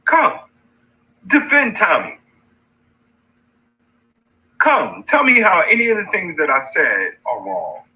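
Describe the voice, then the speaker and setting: A man's voice: high-pitched, wildly swooping pitch, takes it slowly, pauses often, bright, forceful tone. A man hosting a livestream, mocking and challenging his critics in a taunting rant. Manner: mocking, challenging, repeats insults. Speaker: livestream host. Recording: dull lo-fi stream audio.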